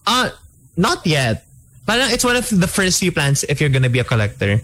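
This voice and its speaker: A man's voice: a little high, big pitch swings, brisk, a bit bright. A young man with a Filipino accent chatting casually, mixing in Tagalog words and laughing easily. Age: young adult. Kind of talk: casual chat.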